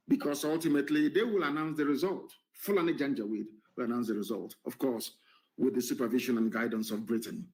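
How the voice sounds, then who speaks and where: A man delivering an impassioned political broadcast to his followers. He speaks in an emphatic, defiant way, repeats phrases and pauses with "should I say". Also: medium pitch, a little mellow, rough recording. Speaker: political leader addressing followers.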